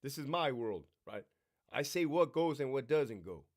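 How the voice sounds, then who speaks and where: A man's voice: mid-range voice, normal speed. A middle-aged man hosting a live Q&A, telling stories in a brash, profane way and mimicking the people in them. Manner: brash, swearing, animated storyteller mimicking others. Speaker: livestream host.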